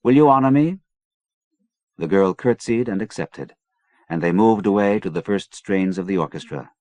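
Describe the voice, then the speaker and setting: A man narrating an adventure novel in a measured, even storytelling manner. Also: deep voice. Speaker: audiobook narrator.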